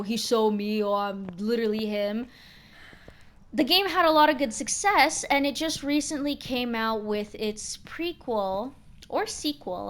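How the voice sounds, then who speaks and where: A young adult woman streaming a game and chatting casually, expressive and slangy, swearing freely. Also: on the high side. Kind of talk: casual chat while gaming.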